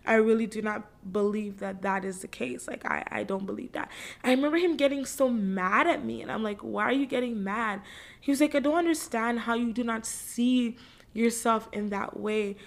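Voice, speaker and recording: Woman from the Caribbean, podcast host, faith encouragement talk, a bit high, fervent and chatty, repeats lines for weight. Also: normal speed, vocal fry. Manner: fervent, conversational, repeats phrases for emphasis.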